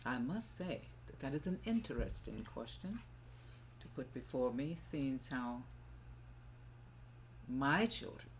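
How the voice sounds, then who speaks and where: A woman's voice: very deep voice, expressive, measured pace, pauses often, slight background noise. An older woman, a mother guest on a family podcast, telling stories and reflecting on how she raised her children. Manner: reflective, storytelling, wandering. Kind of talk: casual family chat.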